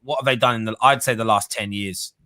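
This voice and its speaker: A man's voice: on the low side, fairly even intonation, quick pace, pushed and bright, dry recording. A man hosting a live football debate stream, thinking aloud and changing his mind as he talks. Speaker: show host.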